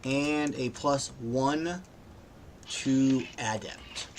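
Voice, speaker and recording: A man's voice: mid-range voice, extremely slow, a little mellow, slight background noise. A man running a tabletop game as game master, narrating casually and thinking aloud.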